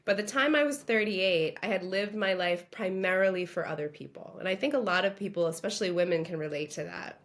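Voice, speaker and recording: A woman's voice: lowish voice, brisk, few pauses, fairly bright tone. Podcast guest: woman from Long Island, earnest, reflective personal storytelling. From Long Island, New York.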